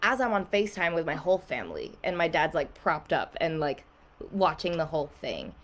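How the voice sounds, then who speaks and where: A woman's voice: deep voice, big pitch swings, a little fast. A young woman guest on a podcast, candidly telling an emotional personal story in a casual way, with many "like" fillers.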